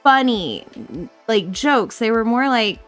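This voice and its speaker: Chatty, giggly woman, high voice. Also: animated, slow, over loud music. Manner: chatty, laughs often, self-mocking. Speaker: podcast co-host. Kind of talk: casual chat.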